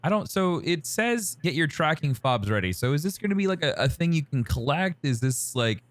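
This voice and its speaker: A man's voice: on the high side, very animated, normal speed, no room sound. Guy cohosting a podcast, dry teasing humor, voice swings around a lot, dead dry room. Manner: wry, teasing, rambling. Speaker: podcast co-host. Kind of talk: casual podcast chat.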